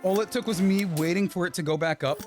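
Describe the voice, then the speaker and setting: A man with a high voice talks fast while streaming a platform game from his home setup, game music playing behind him. It's live gameplay commentary: he mutters to himself and pleads with the game as frustration builds.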